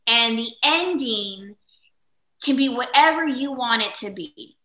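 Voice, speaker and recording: Enthusiastic woman co-host, bright forceful tone, slightly high, echoey room. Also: lively intonation, measured pace. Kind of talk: casual chat.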